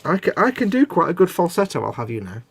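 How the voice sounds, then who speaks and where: A man's voice: on the high side, wildly swooping pitch, fast, gravelly, breathy edge. A man, co-hosting a live stream and trading dry jokes in casual banter. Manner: dry, wry joker. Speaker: co-host, regular guest.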